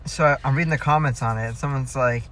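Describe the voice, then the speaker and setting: Laid-back male podcast guest, middle-pitched, dry anecdotes, in a parked car with faint noise behind. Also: fast, fairly bright tone. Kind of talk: casual chat.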